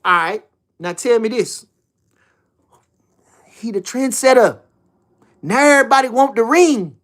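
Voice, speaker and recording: A man's voice: extremely high pitch, expressive, measured pace, fairly bright tone. A man hosting a casual livestream, hyped and repeating himself, swearing freely. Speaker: livestream host talking boxing.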